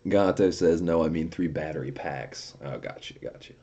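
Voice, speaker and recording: A man's voice: rumbling low, animated, moderate pace, creaky, warm tone, breathy edge. A young man casually chatting on a livestream, reading viewer comments aloud and telling profane stories with frequent laughter. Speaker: streamer.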